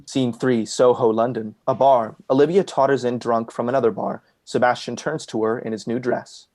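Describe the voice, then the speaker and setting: Role: stage directions reader. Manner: plain, neutral. Pitch: middle. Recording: video call. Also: fairly even intonation, moderate pace, darkish tone.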